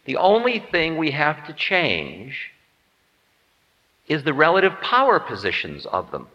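A man's voice: a little high, huge pitch swings, a little slow, bright, forceful tone. Guy giving a spiritual talk, musing and wry, voice bounces up and down a lot, muffled old recording. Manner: musing, wry, self-mocking. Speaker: spiritual teacher. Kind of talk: humorous spiritual lecture. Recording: dull lo-fi tape in reverberant hall.

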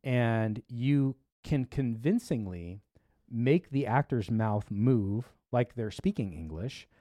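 A man in his regular speaking pitch hosts a tech show, talking casually and rambling with plenty of fillers, restarts and small detours. He sits close to the mic in a dry room with almost no reverb. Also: expressive, slow, dark tone. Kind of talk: casual chat.

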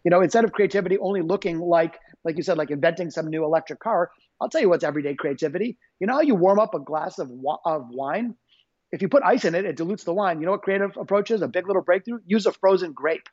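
A man's voice: high-pitched, fast talker, a little mellow, no echo, lo-fi sound. A man being interviewed as an author, talking in an upbeat, enthusiastic way. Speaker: guest author. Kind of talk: energetic interview talk.

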